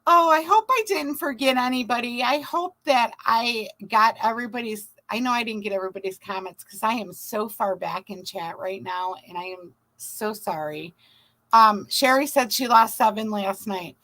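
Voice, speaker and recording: A woman's voice: fairly high pitch, normal speed, poor audio. A woman hosting a casual livestream, chatting, telling stories and greeting viewers by name. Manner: chatty storyteller, shouts out viewers. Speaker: livestream host.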